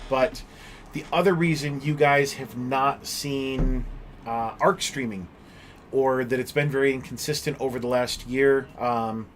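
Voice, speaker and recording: A man hosts a casual livestream from home, talking straight to his viewers. His voice sits at a middling pitch, and his speech wanders with frequent pauses as he opens up frankly about his own life. A faint background noise runs under him. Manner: loose and rambling, many "um" pauses; candid and open about personal struggles. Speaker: livestream host. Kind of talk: casual chat with stream viewers.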